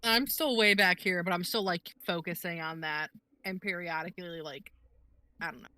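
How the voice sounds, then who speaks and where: A woman's voice: on the low side, steady tone, normal speed, pushed and bright. A woman playing a tabletop game, talking casually and trailing off. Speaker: player.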